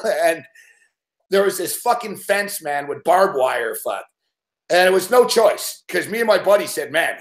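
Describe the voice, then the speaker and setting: A man with a fairly high voice spins a rowdy story in casual conversation, cursing freely and laughing between beats. His voice carries a noticeable echo, as if he is in a roomy space. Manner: profane, animated storyteller who laughs often. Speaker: show host.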